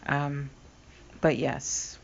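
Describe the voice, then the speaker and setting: A woman's voice: low voice, steady tone, drawn-out words, vocal fry. A blind woman hosting a podcast, thinking aloud hesitantly in a casual monologue. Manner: thoughtful, hesitant with fillers. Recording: slightly dull recording with faint noise.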